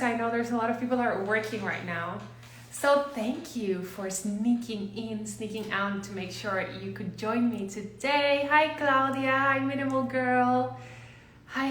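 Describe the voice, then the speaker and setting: A woman hosts a casual livestream, greeting her viewers one by one in a bubbly manner. Her voice is high and bright, and her pace is slow and unhurried. She is recorded at home in a room with noticeable echo. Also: slight background noise. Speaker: livestream host. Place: home, neighbors gardening outside.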